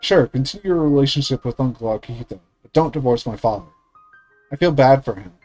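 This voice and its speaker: A man's voice: medium pitch, animated, fast, dark tone, faint music behind, close to an everyday voice. A man reading as a distraught teenage girl. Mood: pleading, upset. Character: distraught teenage girl confronting her mother.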